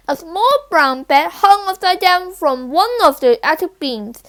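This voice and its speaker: A woman reads a children's picture book aloud, stumbling and restarting now and then. Her voice is very high, and she takes the text slowly and carefully. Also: lively intonation, fairly bright tone. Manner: halting, with slips and restarts. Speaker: reader.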